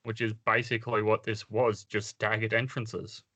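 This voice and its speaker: A man's voice: on the low side, level tone, normal speed, fairly bright tone. A man co-hosting a casual podcast chat, dropping dry, wry quips. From Australia. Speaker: podcast co-host. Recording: slightly dull lo-fi audio.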